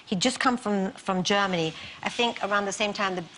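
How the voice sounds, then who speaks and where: An older woman with a Scottish accent, telling stories in a lively way in an interview and acting out quotes as she goes. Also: medium pitch, fairly quick, a little hiss or hum. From Scotland. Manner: lively storytelling, acts out quotes. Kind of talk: interview conversation.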